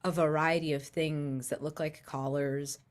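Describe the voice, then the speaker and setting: A woman improvises her part in a tabletop game. Her voice is low and her pace slow. She talks tentatively and builds each idea aloud. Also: little pitch movement. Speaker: player.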